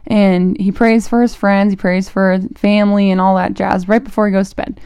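Young woman, college age, casual faith podcast host; chatty, filler-heavy, mellow tone, dry close sound. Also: medium pitch, smooth, no room sound. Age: young adult, college student. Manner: chatty and animated, full of "like" fillers, quick laughs.

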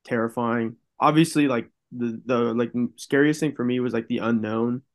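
Relaxed young man telling stories. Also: medium pitch, moderate pace. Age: young adult. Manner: relaxed storytelling, heavy use of "like". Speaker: college football player guest. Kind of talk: casual podcast interview.

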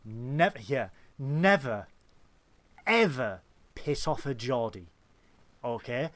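A man's voice: mid-range voice, big pitch swings, slow, a bit bright. A man co-hosting a casual podcast, swearing freely and telling rambling stories. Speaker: podcast co-host.

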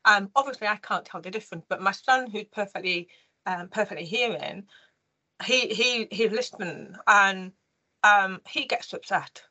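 A woman in her fifties, an interview guest telling her personal story in an earnest, emotional way with halting restarts. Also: medium pitch, bright, forceful tone, rough recording.

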